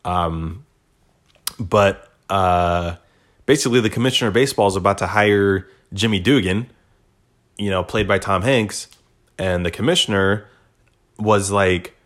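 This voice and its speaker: A man's voice: low-pitched, unhurried, pauses often, fairly bright tone. A man hosting a podcast, rambling in a casual, profane, laid-back monologue. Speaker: podcast host.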